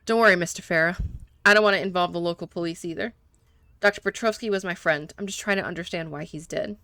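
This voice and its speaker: A woman's voice: on the low side, fast talker, sharp tone, no echo. A woman voicing a persistent male detective who asks blunt questions. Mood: probing.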